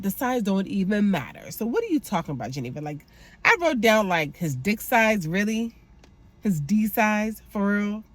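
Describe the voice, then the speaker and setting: Sassy woman reviewing a TV episode. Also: medium pitch. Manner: sassy, animated commentary with exasperated asides. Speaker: show recap host.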